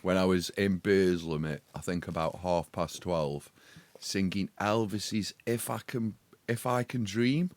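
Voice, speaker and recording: A man's voice: sits low, steady tone, unhurried, a little mellow, no room sound. A man co-hosting a podcast in casual chat, an emotional football fan who swears and talks with feeling. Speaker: podcast co-host.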